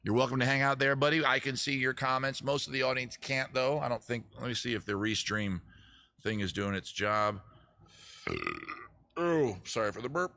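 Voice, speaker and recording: A man hosting a casual livestream, rambling and self-mocking with deadpan asides. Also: medium pitch, moderate pace, vocal fry, no room sound. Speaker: livestream host. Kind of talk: casual livestream chat between songs.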